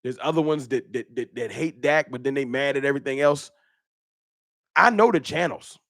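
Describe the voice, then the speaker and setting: A man hosting a casual live-stream fan talk show, animated and slangy, often repeating his words. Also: mid-range voice, normal speed, dry recording, studio quality.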